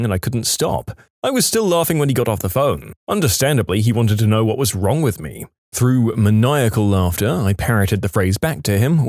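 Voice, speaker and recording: A man reading reader-submitted funny stories aloud as a lively, animated scripted narration. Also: lowish voice, dry recording, studio quality. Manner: lively, animated storytelling delivery. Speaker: story narrator.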